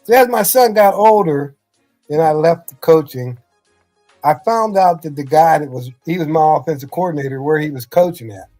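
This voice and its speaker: A man's voice: on the high side, normal speed, warm tone, soft background music. A middle-aged man, a former football coach, telling rambling family anecdotes in casual podcast chat, often saying "you know".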